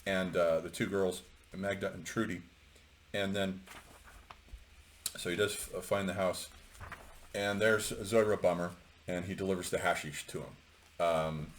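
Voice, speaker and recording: A middle-aged man with a very low, deep voice lectures on a novel off the cuff. He rambles and hesitates with plenty of ums and uhs, then turns sharply opinionated. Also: a little hiss or hum. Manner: rambling, opinionated, many fillers. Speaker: lecturer on literature. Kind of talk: unscripted book commentary.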